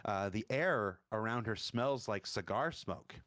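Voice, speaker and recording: A man narrating a tabletop game as dungeon master, halting and searching for words. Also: on the low side, fairly bright tone, no room sound, clean studio sound.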